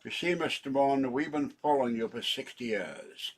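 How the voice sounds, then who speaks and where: An older man putting on a scheming, gloating movie villain, slow and theatrical, with a husky voice. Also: medium pitch, natural voice.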